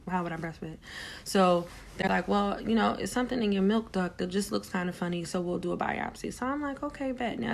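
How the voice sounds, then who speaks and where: A young woman telling her own story in a candid, blunt way, swearing freely and getting animated at the intense parts. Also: on the low side, creaky, slight background noise. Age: young adult. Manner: animated, rising loud when recounting shock. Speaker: vlogger sharing her story.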